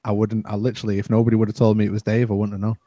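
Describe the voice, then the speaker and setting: A man's voice: fairly low pitch, little pitch movement, racing, warm tone. A man co-hosting a live stream, talking casually and rambling with laughs. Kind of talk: casual group chat.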